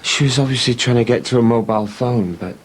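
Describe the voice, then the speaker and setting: An actor playing a guilt-ridden father in a TV soap, speaking gravely and remorsefully. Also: medium pitch, quick pace, a little hiss or hum, close to an everyday voice. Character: middle-aged father, guilt-ridden, resigned. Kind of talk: TV soap drama acting.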